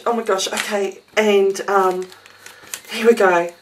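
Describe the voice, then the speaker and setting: A woman's voice: mid-range voice, measured pace, a bit bright, a little hiss or hum. A woman unboxing gifts on a casual vlog, gushing and gasping, teary and emotional. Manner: gushing, gasping, exclaiming often. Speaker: vlogger opening a gift swap.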